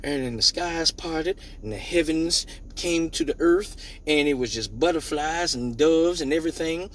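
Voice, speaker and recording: A man hosting a live show, telling a personal story in a casual, animated way, swearing freely and acting out the dialogue. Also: fairly high pitch, moderate pace, slight background noise.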